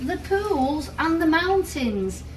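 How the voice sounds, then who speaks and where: A woman's voice: high voice, sing-song, takes it slowly, slight background noise. A woman in her fifties, a travel vlogger, tipsy and telling stories animatedly in a hotel room, swearing freely. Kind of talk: casual storytelling vlog.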